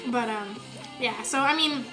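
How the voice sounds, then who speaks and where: A woman's voice: fairly high pitch, a little slow, music in the background. A woman from Canada chatting casually to her viewers on a home live stream, rambling with fillers and the odd swear word. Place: home, indoors.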